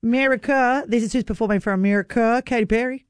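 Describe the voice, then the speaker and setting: A woman's voice: on the high side, steady tone, quick pace, over loud music. A woman co-hosting a breakfast radio show, chatty and upbeat as she brings up news items. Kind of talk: casual radio banter. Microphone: studio microphone.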